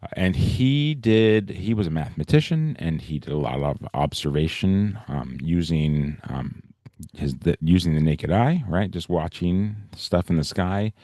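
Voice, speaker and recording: A man's voice: sits low, darkish tone, no echo, studio quality. A male teacher giving a casual, explanatory science lecture on a video call, often checking in with "right?" and "okay?". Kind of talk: online class lecture.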